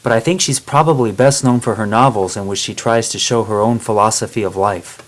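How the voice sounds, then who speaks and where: A man's voice: fairly low pitch, fairly quick, lightly acted. Guy reading helpful grown man explaining stuff, storybook. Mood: informative. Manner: explaining, informative. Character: knowledgeable adult man guide.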